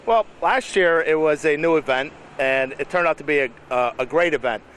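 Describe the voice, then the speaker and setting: A man, a police chief, answering interview questions outdoors in a plain, halting way. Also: fairly high pitch, fairly bright tone, a little hiss or hum. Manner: plain-spoken, halting with fillers. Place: outdoors in a town street.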